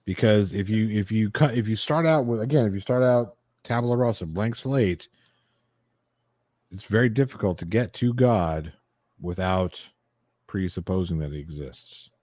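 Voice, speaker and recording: A man's voice: fairly low pitch, moderate pace, darkish tone, no room sound, studio quality. A man co-hosting a casual livestream, making emphatic, profane arguments. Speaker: livestream co-host. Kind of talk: casual chat.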